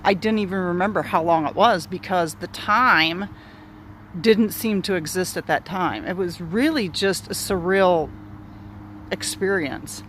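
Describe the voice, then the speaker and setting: A woman's voice: fairly low pitch, unhurried, a bit bright. Candid woman rambling outdoors, faint traffic. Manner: candid, rambling, swears freely. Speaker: speaker sharing a personal story. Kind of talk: casual spoken storytelling. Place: outdoors near bushes in an urban area.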